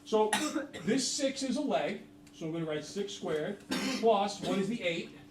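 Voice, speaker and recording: A man's voice: high voice, animated, a little slow, noisy background. A middle-aged man teaching a math class, chatty and jokey, quizzing the students. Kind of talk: classroom lesson. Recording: roomy, from far off.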